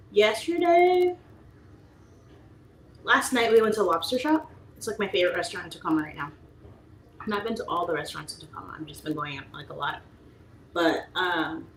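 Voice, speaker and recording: A woman's voice: lowish voice, fairly bright tone. A woman hosting a casual livestream, chatting and reading out viewer comments, who slips into playful voices when she tells stories. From United States. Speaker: livestream talk show host. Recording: roomy echo, faint background noise.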